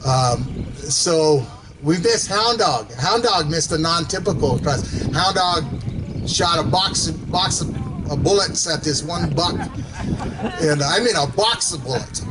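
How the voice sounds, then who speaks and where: A man's voice: a little high, animated, a little slow, crowd noise, background noise. A man reminisces about a hunting trip at a memorial, chuckling and rambling with many fillers. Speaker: memorial speaker, hunting companion. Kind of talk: casual reminiscing at a memorial service.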